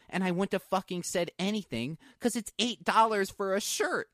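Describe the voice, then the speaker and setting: A man co-hosting a casual podcast, telling a profane, animated story and bursting into high laughs. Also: moderate pace, dry recording, clean studio sound. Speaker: podcast co-host. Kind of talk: casual chat, storytelling rant.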